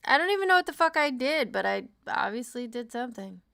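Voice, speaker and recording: A woman's voice: fairly high pitch, sing-song, quick pace, creaky, fairly bright tone, dry recording, clean studio sound. A tired young woman chatting casually to her livestream chat, laughing often and swearing freely.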